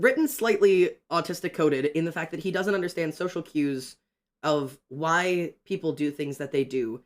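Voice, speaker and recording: A young man chatting excitedly on a livestream while drawing, ranting and greeting his chat. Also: on the high side.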